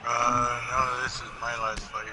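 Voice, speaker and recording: A man speaking quietly and matter-of-factly in a gaming voice chat, from a distant mic. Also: mid-range voice, flat delivery, a little slow, heavy background noise. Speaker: gaming party friend. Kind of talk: casual voice chat.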